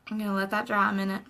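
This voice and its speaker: A young woman talks through her makeup routine in a chatty, earnest way. Her voice is bright and forward, with a lot of vocal fry at the ends of phrases. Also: medium pitch, poor audio. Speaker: makeup vlogger. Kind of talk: casual makeup tutorial chat. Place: at home.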